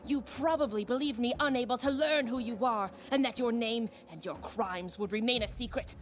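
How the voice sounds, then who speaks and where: A woman's voice: a little high, moderate pace, close to an everyday voice. A woman voicing a fanatical priestess, accusing. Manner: accusing, declamatory. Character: fanatical vengeful female cult priestess. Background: game music.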